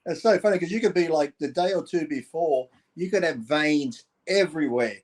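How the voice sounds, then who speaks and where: A man's voice: fairly high pitch, moderate pace, a little mellow. A man co-hosting a podcast, chatting casually in a blunt, joking way and swearing. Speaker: podcast co-host. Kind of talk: casual chat.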